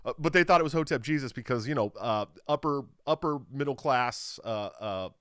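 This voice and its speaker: A man's voice: medium pitch, fairly quick, dry recording, clean studio sound. A young man hosting a podcast, chatting casually and telling stories with plenty of cursing, acting out what other people said. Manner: animated storytelling, acts out others' lines, swears freely. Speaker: podcast host. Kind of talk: casual chat.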